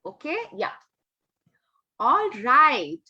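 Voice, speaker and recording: A woman telling a story to young children on a video call, animated and coaxing, asking them questions as she goes. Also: sits high, extremely slow, muffled recording. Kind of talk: online storytelling workshop.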